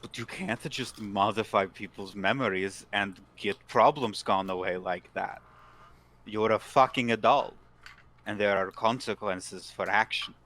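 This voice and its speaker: A man's voice: lowish voice, measured pace, fairly bright tone. A man playing a tabletop game in character, blunt and scolding, with some swearing. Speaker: player. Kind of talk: in-character tabletop role-play.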